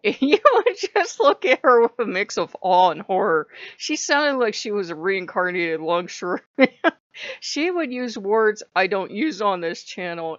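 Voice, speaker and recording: A woman's voice: on the low side, dry recording, dull audio. A woman vlogging in a casual chat, blunt and laughing often as she swears freely, recorded on a camera's built-in mic.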